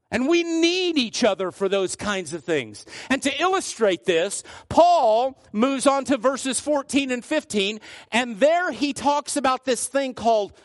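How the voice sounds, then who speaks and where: A male pastor delivers a sermon in a high, earnest voice, sinking low on the words he wants to stress. The recording is dry and close, with no room echo. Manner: earnest, varies pitch widely, drops low for emphasis.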